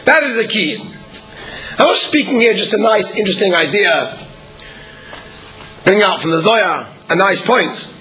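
High-voiced guy preaching, bright tone, slow earnest phrasing w/ pauses. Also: animated, soft background music, rough recording. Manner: earnest, measured, with pauses and throat clearing. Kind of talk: sermon.

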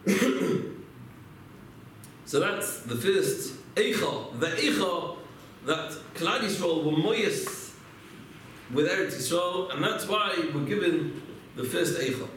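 A man's voice: sits high, expressive, takes it slowly, pauses often, a bit bright, slight background noise. A man giving a religious lecture, telling stories and asking and answering his own rhetorical questions. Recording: echoey room, mic far off.

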